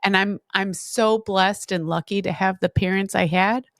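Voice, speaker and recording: A woman guest in a conversational interview, telling stories in a lively, animated way and acting out what others said. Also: mid-range voice, normal speed, no echo, studio quality. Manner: lively, animated storyteller who acts out quotes. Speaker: podcast guest.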